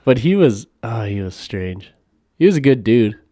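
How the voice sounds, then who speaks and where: A man's voice: medium pitch, very animated, moderate pace, warm tone, dry recording, clean studio sound. Laid-back podcast guy who laughs a lot. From Canada. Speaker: podcast co-host. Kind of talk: casual chat.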